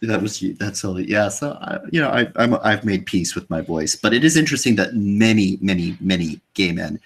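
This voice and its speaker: Soft, deep, husky-voiced man. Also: animated, brisk. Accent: Californian. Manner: soft-spoken, reflective. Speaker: podcast co-host, YouTuber. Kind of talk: casual chat.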